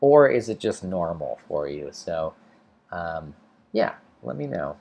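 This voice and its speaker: American guy doing a live english lesson, lowish voice, laid back, lots of ums while he reads chat. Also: takes it slowly, gravelly. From United States. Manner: relaxed, thinks aloud with fillers and restarts. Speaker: English teacher hosting a livestream. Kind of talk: casual livestream lesson, reading chat comments.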